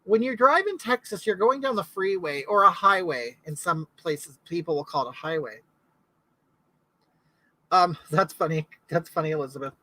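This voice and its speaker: A woman's voice: lowish voice, moderate pace, sharp tone, rough recording. A middle-aged woman from California, hosting a casual live chat in a rambling way and answering viewers' comments. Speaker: livestream host.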